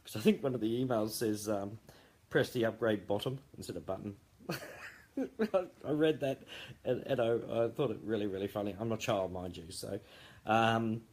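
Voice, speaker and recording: A man with a fairly low voice talks through a late-night live update, tired but jokey. He rambles, with plenty of ums and restarts. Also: normal speed, a little mellow. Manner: chatty and jokey, lots of fillers and restarts. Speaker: founder giving a live update.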